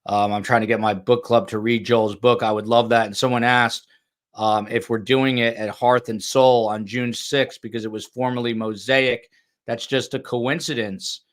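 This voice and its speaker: A man's voice: mid-range voice, flat delivery, normal speed. A man hosting a true crime podcast, chatting casually, joking about himself and reading out viewer comments. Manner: chatty, self-deprecating, reads viewer comments. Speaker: podcast host.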